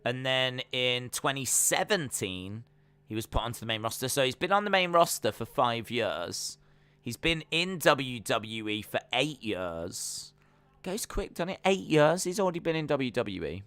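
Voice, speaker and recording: A man's voice: mid-range voice, sing-song, a little slow, fairly bright tone, clear, resonant tone, no echo. A man hosting a wrestling watch-along stream, chatting and musing aloud as he reacts. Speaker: stream host.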